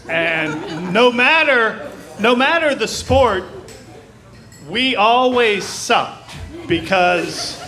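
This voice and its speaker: Slow, bright-voiced man in his sixties. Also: sits high. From Virginia, USA. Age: 60s. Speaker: stand-up comedian. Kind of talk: stand-up comedy. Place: comedy club stage.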